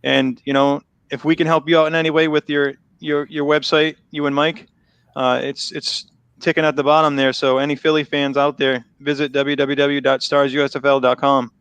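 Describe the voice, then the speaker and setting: Chatty Boston host with a smooth voice. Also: male voice, on the high side, flat delivery, normal speed, fairly bright tone, no echo. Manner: chatty, laughs often, restarts phrases. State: losing his voice. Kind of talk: casual live draft commentary.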